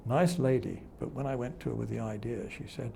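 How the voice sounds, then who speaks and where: An older television presenter reminisces in an interview, chuckling through anecdotes and acting out the voices of people he quotes. His mid-range voice is gravelly and dark, a little fast, with slight background noise.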